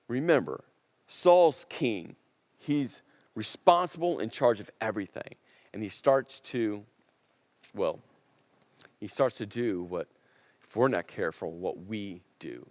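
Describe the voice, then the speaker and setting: A male pastor preaching a sermon in an animated way, acting out dialogue and repeating lines for emphasis. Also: fairly low pitch, slow pace, long pauses, long reverb tail.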